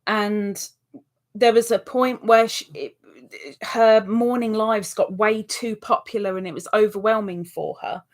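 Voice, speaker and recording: A woman hosting a live stream in a casual, chatty way, reading out viewer comments and answering them, with excitable exclamations. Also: mid-range voice, unhurried.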